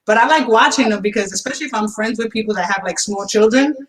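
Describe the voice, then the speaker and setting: A woman's voice: fairly high pitch, quick pace, rough recording. A woman hosting a casual radio interview, chatty and laid-back, using slang and laughing easily. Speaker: radio host.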